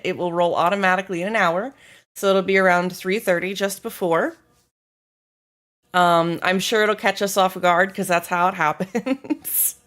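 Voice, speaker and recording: A woman's voice: medium pitch, a bit bright. A woman streaming live, chatting casually with viewers while feeling unwell, candid and apologetic, thanking people by name. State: feeling unwell, low energy.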